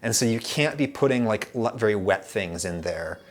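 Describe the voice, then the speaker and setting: A man hosting a casual food chat, rambling and animated with lots of fillers and restarts. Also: fairly low pitch, normal speed. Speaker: food YouTube host.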